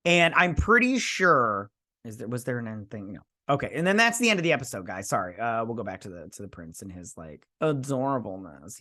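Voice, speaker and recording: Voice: medium pitch, sharp tone. A host giving a casual, sarcastic recap and review of a TV episode, rambling with many fillers.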